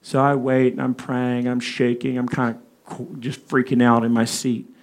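A male preacher telling a personal story in a sermon, animated and speaking asides to his listeners. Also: mid-range voice, normal speed. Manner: animated, acts out quoted voices, asides to the audience.

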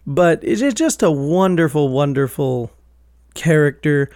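A man's voice: fairly high pitch, expressive, a little slow, a little mellow, no echo, clean studio sound. A man talking casually and enthusiastically about a favorite film, acting out quoted lines. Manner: enthusiastic, acts out quoted lines in raised voices. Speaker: film reviewer.

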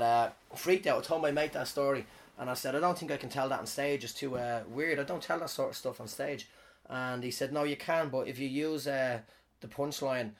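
A man who performs comedy, telling a rambling story in a casual way. He swears a lot and often trails off and restarts. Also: mid-range voice. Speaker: comedian and podcast host.

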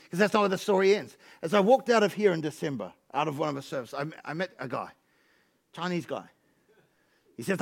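A man's voice: high-pitched, fast, gravelly, a bit bright. A man, preaching and telling a story with energy, often repeating words as he builds up. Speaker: pastor. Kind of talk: sermon storytelling.

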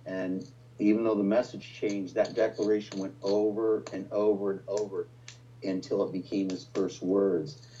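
A middle-aged man with a low, warm voice tells a personal story as a pastor, often stumbling over and restarting his sentences. The sound is slightly dull and lo-fi. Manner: emotional storytelling with many restarts. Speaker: pastor, guest. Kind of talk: personal testimony in conversation.

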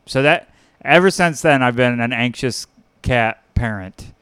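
A man's voice: mid-range voice, a little slow, fairly bright tone, clear, resonant tone, no echo. A man co-hosting a podcast in casual chat, rambling and laughing often. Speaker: podcast co-host.

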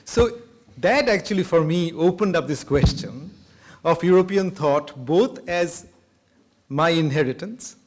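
Man, academic lecturer, reflective, slightly higher voice. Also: expressive, measured pace. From Bengal. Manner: thoughtful, laughs between points.

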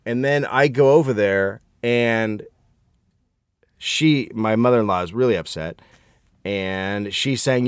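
A man's voice: medium pitch, a little slow, clear, resonant tone, no echo. A middle-aged man spins a profane story, acting out every quote with animation. His voice sits mid-range for a man. The sound is dry and close. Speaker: podcast co-host. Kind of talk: casual storytelling chat.

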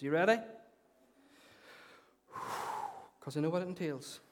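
A man with a Northern Irish accent preaching a conversational, animated sermon in a church, often repeating his phrases. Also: fairly high pitch, takes it slowly. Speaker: pastor.

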